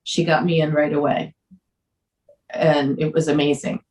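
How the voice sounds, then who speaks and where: A woman podcast guest candidly telling a personal story, earnest and emotional, sometimes halting. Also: deep voice, flat delivery, a little mellow, recorded from a distance. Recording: roomy echo.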